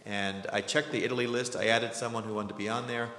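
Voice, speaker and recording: A man's voice: lowish voice, fairly even intonation, fast talker, few pauses, sharp tone, soft background music. A man hosting a community lecture, giving announcements and introducing the speaker in a chatty way, with joking asides and plenty of ums. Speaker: program host. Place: lecture hall with audience. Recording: echoey hall with faint noise.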